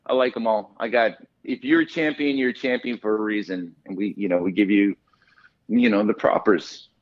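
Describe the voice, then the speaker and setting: A man who is a guest on a podcast, telling stories in lively casual chat with plenty of swearing. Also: on the low side, moderate pace, muffled recording. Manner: animated, profane storyteller.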